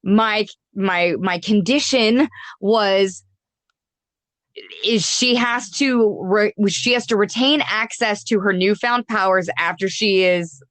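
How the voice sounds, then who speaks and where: Woman, podcast guest, measured, deliberate, dry sound. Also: medium pitch, fairly bright tone, no room sound. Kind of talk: casual fan chat.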